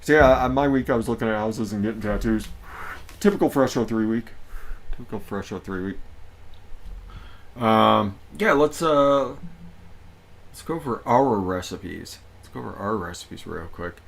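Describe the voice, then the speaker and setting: A man's voice: fairly low pitch, moderate pace, vocal fry. A man hosting a casual livestream, upbeat and greeting his viewers one by one. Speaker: livestream host.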